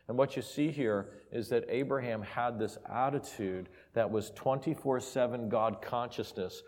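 A man preaching a sermon and telling a personal story, moving from quiet, intimate asides to loud, emphatic peaks. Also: mid-range voice. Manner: emotional, builds from soft asides to loud emphasis. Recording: reverberant hall.

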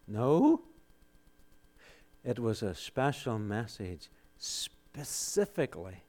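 Slow, animated male preacher. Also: on the high side. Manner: rhetorical questions answered emphatically; swings from loud exclamations to hushed solemn tones. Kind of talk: sermon.

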